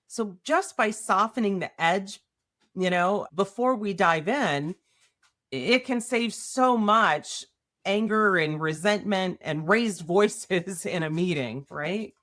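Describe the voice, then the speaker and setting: A woman's voice: lowish voice, lively intonation, measured pace, a bit bright. A woman hosting a podcast, explaining ideas casually with workplace examples and often checking in with "right?". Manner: conversational, tags points with "right?". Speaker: podcast host.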